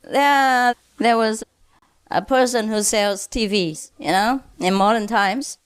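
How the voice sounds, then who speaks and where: A woman teacher giving a spiritual lecture, telling jokes to an audience, laughing at her own punchlines and pausing often with "uh". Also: on the high side, clear, resonant tone. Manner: halting, with many "uh" pauses.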